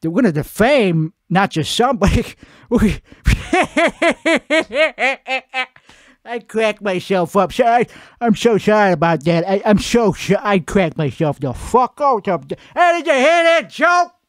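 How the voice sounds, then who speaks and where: Profane rambling man, lively pitch. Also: normal speed, no echo, studio quality. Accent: put-on Italian-American. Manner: profane, rambling, self-mocking. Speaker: comedy show host. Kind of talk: rambling comedic monologue. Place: home at night.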